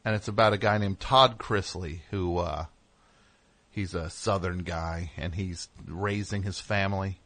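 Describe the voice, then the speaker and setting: A man hosting a comedic call-in radio show, sarcastic and incredulous, riffing deadpan bits with a caller. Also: low voice, a little slow, no echo. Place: radio studio. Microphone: studio mic.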